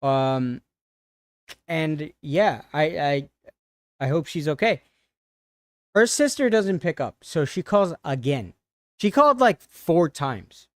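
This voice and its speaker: A man on a livestream retelling an upsetting encounter in a halting, shaken way, with many restarts. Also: a little high, expressive, dry recording, clean studio sound. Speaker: streamer. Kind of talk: casual storytelling on a livestream.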